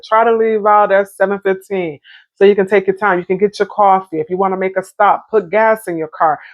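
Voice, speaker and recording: A woman's voice: medium pitch, no echo, highs cut off. A woman giving a casual tarot reading, chatty and addressing her viewers directly with slang. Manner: chatty, warm-hearted, talks straight to viewers with Southern American slang. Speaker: tarot reader.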